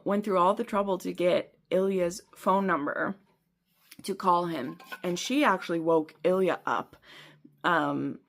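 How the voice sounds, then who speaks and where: Lowish and gravelly, a woman's voice rambles chattily through a casual book review on her channel. She leans heavily on fillers and often laughs at herself.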